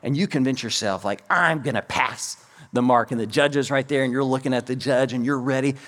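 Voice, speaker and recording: A man's voice: mid-range voice, brisk, in a large hall. A middle-aged man from the United States preaching a sermon, telling stories and acting out quotes as he goes. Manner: storytelling preacher, animated with acted-out quotes. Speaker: pastor.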